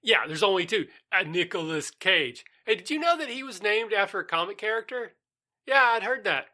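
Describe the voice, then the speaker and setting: A man voicing two excitable young male fast food cooks in a put-on accent, shouting back and forth in the kitchen. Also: high voice, voice pushed up, heavily acted. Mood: excited.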